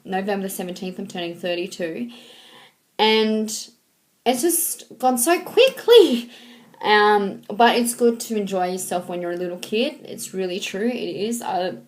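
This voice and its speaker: A woman in her thirties talking to her viewers in a casual, heartfelt way, halting and sentimental, with frequent ums and restarts. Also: mid-range voice, steady tone. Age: 30s. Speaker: vlogger. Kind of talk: casual heartfelt talk to camera.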